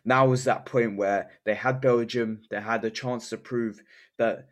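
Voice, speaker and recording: A man co-hosting a casual football podcast, excitable and full of fillers and restarts. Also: medium pitch, measured pace. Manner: hesitant, filler-heavy, excitable. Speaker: podcast co-host.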